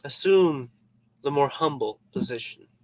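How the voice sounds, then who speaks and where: A man's voice: medium pitch, lively intonation, measured pace, rough recording. A man giving a casual devotional Bible talk, informal and joking, acting out little scenes as he explains. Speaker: Bible teacher.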